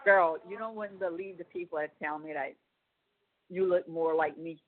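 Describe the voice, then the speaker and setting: A woman's voice: fairly low pitch, moderate pace. A woman, telling a story on a phone call and acting out the voices of the people in it. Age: 40s. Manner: animated storyteller acting out dialogue. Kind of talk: casual phone chat, storytelling. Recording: tinny phone line.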